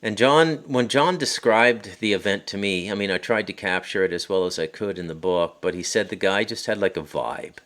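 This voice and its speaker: Low-voiced Canadian man with Ottawa Valley accent. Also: normal speed, few pauses, a bit bright. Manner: rambling, digressive, frequent restarts. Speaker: podcast host and author. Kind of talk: casual storytelling monologue. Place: rural home in the country. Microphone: phone.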